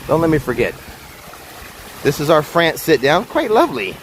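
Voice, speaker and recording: A man's voice: a little high, moderate pace, rough recording. A man live-streaming a stroll outdoors in a theme park, chatting in a rambling way straight to his viewers beside a fountain. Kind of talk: casual live-stream chat. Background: wind and splashing water.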